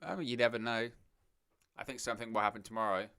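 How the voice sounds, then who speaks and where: A man hosting a live watch-along, talking in a chatty, off-the-cuff way as he reacts and addresses his viewers. His voice is bright and forceful, with a crisp, smooth clarity. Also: on the low side, steady tone, fast talker. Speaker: host of a wrestling watch-along stream. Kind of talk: live watch-along commentary, reading chat.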